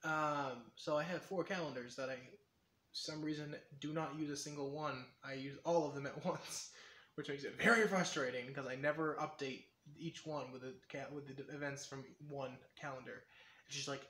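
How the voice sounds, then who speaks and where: A man's voice: medium pitch, steady tone, moderate pace, fairly bright tone, roomy sound. A man chatting casually in a vlog, rambling and correcting himself, his throat strained and sore. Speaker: vlogger.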